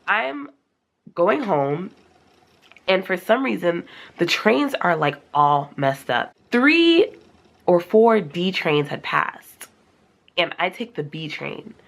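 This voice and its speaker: A young woman telling a casual storytime, acting out her own reactions in a high, animated voice. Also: takes it slowly, vocal fry, long pauses. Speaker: vlogger.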